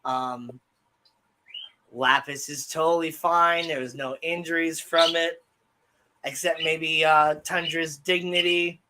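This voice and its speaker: There's slight background noise as a young man, co-hosting a livestream, tells meandering stories in easygoing chat heavy with fillers. His voice sits a little high, and he takes his time.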